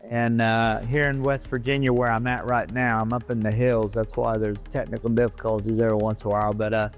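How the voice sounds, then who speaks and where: A man speaking as an interview guest, halting and plain-spoken, calling in remotely from his home in the hills. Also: medium pitch, level tone, soft background music. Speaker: guest, wrestler and stand-up comic. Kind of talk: casual interview chat.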